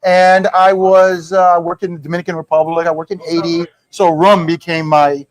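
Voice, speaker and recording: A man's voice: fairly high pitch, moderate pace, rough recording. A middle-aged man, a whisky brand founder, telling stories at a live tasting in a liquor store and acting out the people in them. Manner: animated storyteller who acts out quoted dialogue. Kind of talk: casual storytelling at a live tasting.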